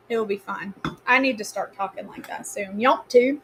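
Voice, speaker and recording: A woman's voice: medium pitch, fairly quick, fairly bright tone, slight background noise. A woman with a Maine accent hosts a live cooking stream from her home kitchen. She chats casually and teasingly, answering viewers by name as she cooks.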